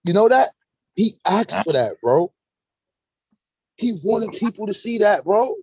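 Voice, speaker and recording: Male stream host, high voice, animated profane street storyteller, dry close mic. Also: measured pace, husky, no echo, poor audio. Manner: animated, profane street talk, acts out courtroom exchanges. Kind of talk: casual live-stream chat.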